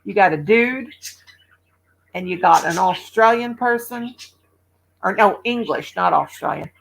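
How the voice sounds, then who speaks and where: A woman's voice: medium pitch, lively intonation, unhurried, gravelly, slight background noise, low-quality recording. A chatty woman in her sixties from the Midwest, rambling casually to livestream viewers and laughing often. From American Midwest. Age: 60s. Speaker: livestream host.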